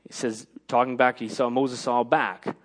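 A man preaching a sermon, punctuating his lines with "Amen" and rising to shouted emphasis. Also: medium pitch, fairly even intonation, moderate pace.

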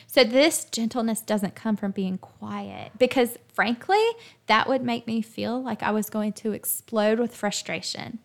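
Lively, emphatic woman hosting a faith talk. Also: a little high, gravelly. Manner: lively, emphatic, chatty with frequent "right?" and "like". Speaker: faith podcast host. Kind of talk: casual devotional talk.

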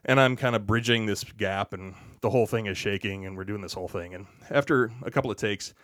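A man on a podcast as a guest, telling a relaxed, chatty anecdote full of asides. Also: lowish voice, brisk, no room sound, clean studio sound. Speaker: podcast guest, actor and stuntman. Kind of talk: casual storytelling on a podcast.

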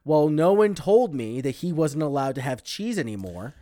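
A man's voice: fairly high pitch, very animated, moderate pace, warm tone. A young man co-hosting a podcast, talking bluntly in casual chat and ranting with lots of swearing. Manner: blunt, profane, exaggerated rants. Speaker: podcast co-host.

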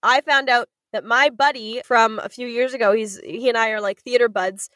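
A young adult woman casually recapping a show, acting out the characters in quick put-on voices. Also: a little high, no echo, rough recording. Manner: animated storytelling, acts out characters in quick voices. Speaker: podcast co-host recapping a show. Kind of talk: casual chat.

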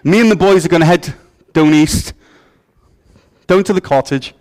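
A man's voice: fairly high pitch, normal speed, darkish tone, natural voice. A pastor doing a put-on Canadian accent, playing a laid-back outdoorsy man who chats casually about his weekend. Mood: folksy. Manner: folksy, casual bragging.

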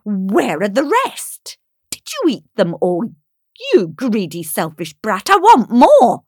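A woman's voice: mid-range voice, sing-song, takes it slowly, a little mellow, husky, no room sound, heavily acted. A woman voicing a spoiled, screeching young girl in a storybook reading. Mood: furious. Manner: screeching, demanding. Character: shrill spoiled bratty girl, Helena.

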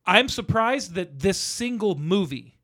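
Rambling, animated male podcast host. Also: high-pitched, unhurried. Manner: rambling, animated storyteller, acts out quotes. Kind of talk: casual movie chat.

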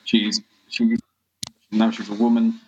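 A man talking as a podcast guest in casual chat, halting, with lots of restarts and fillers. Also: fairly low pitch, completely flat delivery, dull audio, slight background noise.

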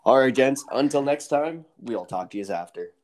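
A man's voice: mid-range voice, lively intonation, normal speed, background noise. An easygoing man visiting a podcast as a guest, chatting casually and laughing a lot.

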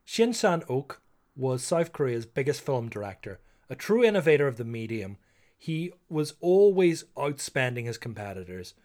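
A man's voice: medium pitch, big pitch swings, moderate pace, a little mellow. A young man from Northern Ireland telling a true story in a chatty, rambling way. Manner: chatty and rambling, frequent "like" and "you know". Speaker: history storyteller host. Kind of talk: casual storytelling monologue.

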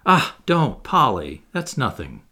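A man reading aloud, voicing a proud, restrained former butler who speaks gravely and searches his own feelings. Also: mid-range voice, wildly swooping pitch, pushed and bright, heavily acted. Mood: earnest. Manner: grave, measured, self-searching.

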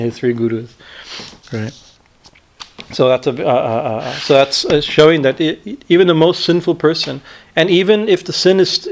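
A man teaching scripture in a spiritual discourse, retelling a story with many pauses and fillers and checking in with "right?". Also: medium pitch, vocal fry, darkish tone. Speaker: swami teacher.

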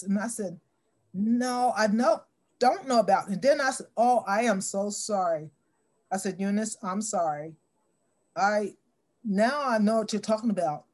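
A middle-aged woman telling a story in an interview, acting out the dialogue with lively shifts in voice. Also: medium pitch, moderate pace.

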